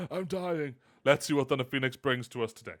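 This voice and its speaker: A man hosting a casual live stream, animated and self-mocking, often laughing. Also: on the high side, normal speed, background noise. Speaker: host.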